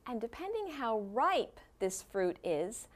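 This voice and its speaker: A woman teacher leading a video lesson for young children, speaking in a slightly high voice. Her pitch moves a lot as she explains, and she encourages the pupils warmly. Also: big pitch swings, slow pace.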